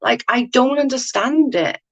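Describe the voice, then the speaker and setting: A woman's voice: high-pitched, measured pace, creaky, poor audio. A woman hosting a casual live chat with viewers, blunt and sweary, ranting with lots of "like" fillers. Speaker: livestream host chatting with viewers.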